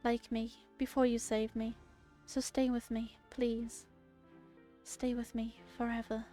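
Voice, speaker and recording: A woman's voice: on the high side, flat delivery, slow pace, warm tone, faint music behind. A woman voicing a heartbroken young woman in a game, reading her farewell lines tenderly and earnestly.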